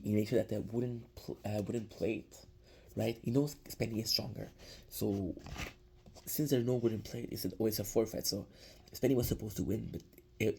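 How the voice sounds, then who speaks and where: A man's voice: fairly low pitch, dark tone, breathy edge. A young man, rambling through a casual episode recap with lots of restarts. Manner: rambling, many restarts and fillers. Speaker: show reviewer.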